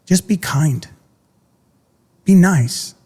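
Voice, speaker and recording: Earnest middle-aged man, high-pitched, in a reverberant room. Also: expressive, extremely slow, a little mellow, husky. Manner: intense, earnest storytelling with quoted asides. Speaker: podcast guest, coach. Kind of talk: candid interview talk.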